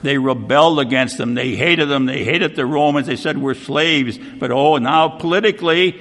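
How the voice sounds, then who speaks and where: Gravelly-voiced male preacher in a hall. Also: on the high side, moderate pace, a bit bright. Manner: conversational, repeats "see?" often. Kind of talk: sermon.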